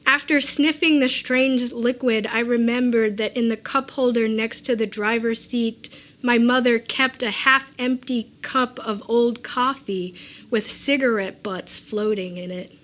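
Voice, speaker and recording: A woman with a somewhat high-pitched voice reads her own personal essay aloud to listeners. Her delivery is measured and deliberate, and she drops in dry, offhand asides between the passages. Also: fairly even intonation, a bit bright. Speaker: author reading her own memoir. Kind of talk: live reading of a personal essay.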